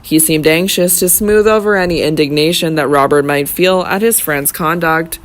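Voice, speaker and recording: An audiobook narrator reading a classic novel in a measured, even storytelling manner. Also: medium pitch.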